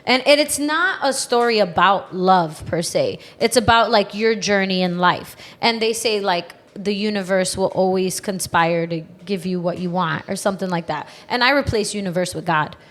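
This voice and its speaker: A woman's voice: mid-range voice, normal speed, few pauses, fairly bright tone. A woman hosting a podcast, chatting casually and retelling book scenes with feeling. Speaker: podcast host. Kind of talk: casual chat.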